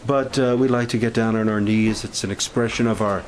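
A man leading a camp prayer meeting, speaking in an informal, halting sermon style with restarts and growing fervor. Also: on the low side, steady tone, slight background noise, poor audio.

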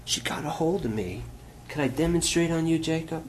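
A man's voice: fairly high pitch, moderate pace, slight background noise. A middle-aged male pastor preaching a sermon, telling stories in a folksy way and asking the congregation questions.

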